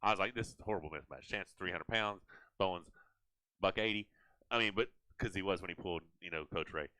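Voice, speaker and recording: A man hosting a casual live chat, animated and rambling with frequent restarts. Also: low voice, fast, no echo, rough recording. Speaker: host.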